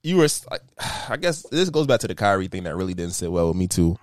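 Chill podcast guy, lowish voice, teasing and laughing, dry close sound. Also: big pitch swings, fast talker, a little mellow, dry recording. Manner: laid-back, laughs easily, dry teasing. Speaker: podcast co-host. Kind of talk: casual podcast chat.

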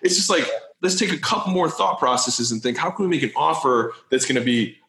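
A man talking bluntly and quickly in a casual interview over a video call, peppering his talk with "like" and "right?". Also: a little high, expressive, gravelly, fairly bright tone. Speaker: business guest being interviewed. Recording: echoey video call audio.

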